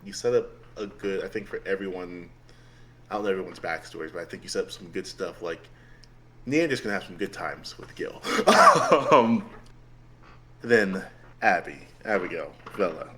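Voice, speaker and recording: A man's voice: low-pitched, expressive, moderate pace, noisy background. A man chatting casually about a tabletop game as a player, rambling with lots of "like" and frequent laughs. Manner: rambling, heavy use of "like", laughs often. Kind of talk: casual post-game chat.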